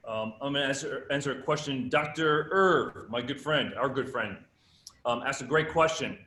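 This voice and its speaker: A man's voice: medium pitch, moderate pace, pushed and bright. A man giving a live fitness workshop lecture, speaking emphatically and putting rhetorical questions to his audience. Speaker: presenter at a fitness summit. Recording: echoey room.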